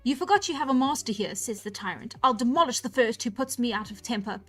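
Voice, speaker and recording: Woman reading as a bossy young master of the house, stern, high voice. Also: lively intonation, fast, a bit bright, faint music behind. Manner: stern, commanding.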